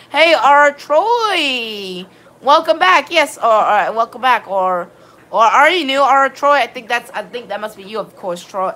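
A woman streams a game live and talks to her audience in a wandering, casual way, welcoming people by name. Her voice sits a little high and sounds sharp, and "all right, then" and "of course" come up again and again.

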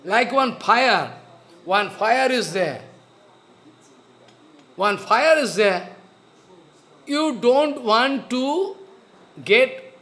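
A man giving a spiritual sermon, slow and earnest, repeating his phrases. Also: high-pitched, fairly bright tone. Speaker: spiritual teacher.

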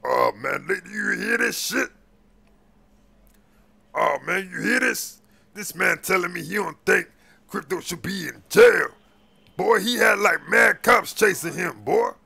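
A gruff, blustering cop on the take, as a man voices him in a game role-play, with a deeply gravelly, husky voice. He is bright and forceful, pitched a touch high, and he stammers through slangy street talk. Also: animated, a little slow, pauses often, heavily acted. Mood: scheming. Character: crooked male cop after a bribe, gruff and blustering. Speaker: police officer.

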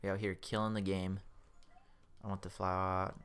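A young man giving casual, excitable commentary while playing a video game, swearing freely and mocking his own skill. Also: sits low, normal speed, clean tone. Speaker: let's play gamer.

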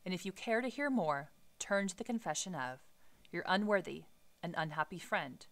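A woman voicing an unhappy male doctor's formal farewell letter in a novel, read in a measured way. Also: on the low side, lively intonation, a bit bright. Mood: somber.

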